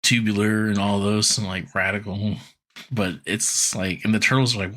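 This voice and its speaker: A man's voice: fairly low pitch, steady tone, normal speed, bright, forceful tone. A man co-hosting a podcast, retelling a cartoon episode loosely with lots of "like" and quoted voices. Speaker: podcast co-host. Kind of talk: casual podcast recap.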